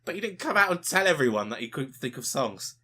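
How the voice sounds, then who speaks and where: Ranting man, bright voice. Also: fairly high pitch, quick pace, husky. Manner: animated ranting, swears a lot, mimics people in quotes. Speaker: podcast co-host. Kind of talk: casual podcast rant.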